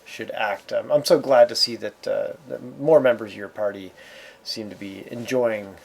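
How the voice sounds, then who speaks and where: A man's voice: on the low side, fairly even intonation, moderate pace, vocal fry, darkish tone. A man doing a sly, stalling dragon. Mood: evasive. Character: friendly, evasive male dragon in human talk.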